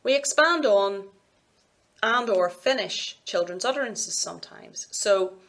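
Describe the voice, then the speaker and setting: A woman with a Scottish accent giving a recorded university lecture, explaining clearly and in a measured way, with sing-song examples. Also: mid-range voice, expressive, a bit bright.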